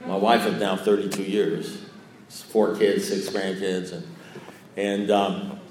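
A man's voice: low voice, level tone, takes it slowly, darkish tone, a little hiss or hum. A man in his sixties tells a rambling, joking personal recovery story to a group, swearing casually and restarting his sentences. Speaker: speaker at a recovery meeting. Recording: echoey room.

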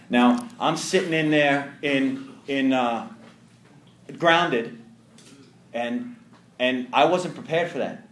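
A man sharing a personal recovery story with an audience, animated and full of restarts. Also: medium pitch, takes it slowly, pauses often, reverberant, slight background noise. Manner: animated, self-interrupting storyteller with many restarts. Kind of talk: storytelling testimony to a live audience.

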